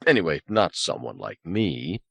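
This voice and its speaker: Shy boy, read by a man, stammering, hesitant, soft, storybook. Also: deep voice, big pitch swings, moderate pace, creaky, slightly rough, dry recording, voice pushed down, full character voice. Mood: timid. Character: shy, timid young boy who stammers.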